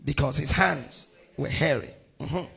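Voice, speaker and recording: A middle-aged male pastor from Nigeria leading his congregation through a Bible passage verse by verse, calling out each verse and rising to shouts on key lines. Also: a little high, unhurried, creaky, slightly rough. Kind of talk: sermon with congregational scripture reading.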